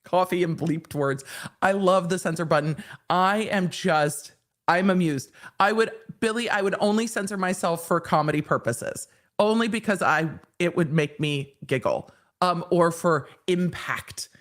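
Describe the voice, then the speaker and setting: A woman hosting a casual livestream, playful and excitable, reading viewer comments aloud into a studio mic. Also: fairly low pitch, unhurried. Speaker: legal commentator, host. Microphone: studio microphone.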